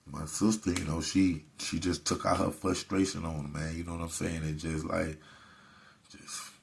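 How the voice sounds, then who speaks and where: Very deep, gravelly-voiced man. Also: level tone, moderate pace. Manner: laid-back, peppered with "man" and "you know". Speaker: host. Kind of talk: casual storytelling to camera.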